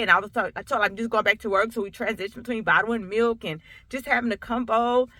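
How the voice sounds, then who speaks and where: A woman's voice: fairly high pitch, fast, hardly any pauses, sharp tone, no room sound. A woman, a coach, telling a personal story to camera in an emphatic, conversational way, often repeating herself. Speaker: coach and sickle cell awareness speaker.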